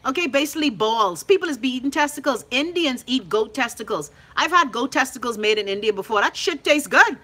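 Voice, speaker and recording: A woman's voice: high-pitched, expressive, fairly quick, few pauses, pushed and bright. A brash, profane young Bahamian woman hosting a live call-in show, reading viewer comments and teasing them by name. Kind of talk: loud casual livestream chat reading viewer comments.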